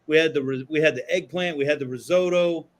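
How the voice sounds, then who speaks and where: A Floridian podcast co-host talks fast in a fairly high voice. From a studio, he trades laid-back, profane stories in casual chat on a talk show.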